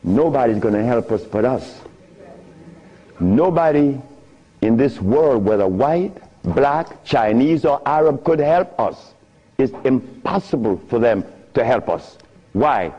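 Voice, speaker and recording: A man with a medium-pitched, dark, husky voice lectures an audience, telling stories in an emphatic, teasing way. The recording is dull and lo-fi.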